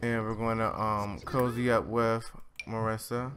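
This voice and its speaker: A young man hosting a let's play, giving casual and excitable commentary as he bosses his game characters around with mild swearing. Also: on the low side, a little slow. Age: young adult.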